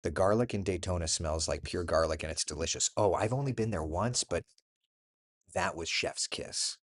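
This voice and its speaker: A man with a fairly low voice hosts a relaxed morning chat show. He talks to his viewers by name, chatty and quick to laugh as he answers their comments. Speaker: host.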